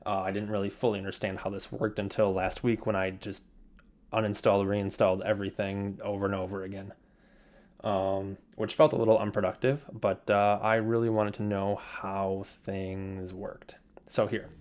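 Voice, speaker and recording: A man's voice: lowish voice, flat delivery, moderate pace, a little mellow. A young man walking through his computer setup in a casual, rambling screencast, with lots of fillers and repeated words. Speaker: software developer demonstrating his setup.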